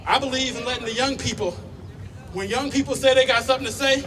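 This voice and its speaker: A man's voice: very high-pitched, fast. Man speaking at a street protest. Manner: rhythmic, repeating oratory. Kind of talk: rally speech. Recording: distant mic, loud street noise.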